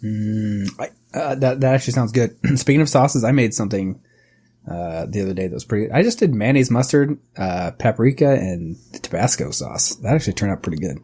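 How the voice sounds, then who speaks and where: A man's voice: lowish voice, expressive, brisk, dark tone, breathy edge. A man in his thirties co-hosting a podcast in casual chat, rambling and swearing freely, often laughing. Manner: rambling, profane, laughs easily. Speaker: podcast co-host.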